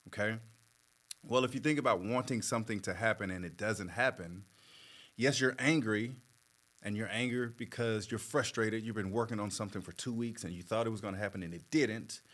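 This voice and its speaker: A man working as a therapist, explaining in a measured, patient way with plenty of fillers. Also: fairly low pitch, fairly bright tone. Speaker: therapist guest. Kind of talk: conversational explanation.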